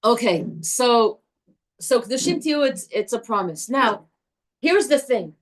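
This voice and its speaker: A woman teaching a live Torah class to a group, animated and chatty, restarting her sentences often. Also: fairly high pitch, a little slow.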